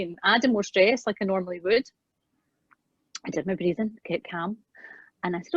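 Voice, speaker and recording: A woman guest in an interview, earnestly telling a personal parenting story and acting out the quoted lines, often trailing off softly. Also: lowish voice, brisk, no echo. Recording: dull, dry, lo-fi sound.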